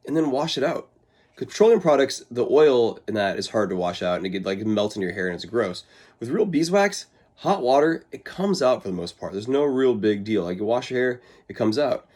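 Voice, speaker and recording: Laid-back man with a lowish voice. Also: a little mellow. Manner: laid-back, easygoing, calls the listener "man". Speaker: vlogger answering a viewer's question. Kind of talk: casual how-to chat to camera.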